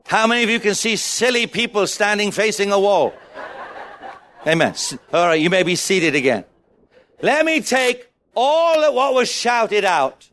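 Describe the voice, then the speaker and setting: A male preacher delivering a sermon in a high-pitched voice that leaps up and down. He urges the congregation to shout their answers. He keeps it playful, acting out small scenes as he goes. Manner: exhorting, calls on the congregation to shout; playful, jokes and acts out little scenes.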